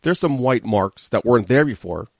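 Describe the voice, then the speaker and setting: A man's voice: medium pitch, expressive, moderate pace, no room sound. A man from New hosting a podcast, telling a story in a casual, profane, agitated and rambling way. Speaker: podcast host. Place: studio.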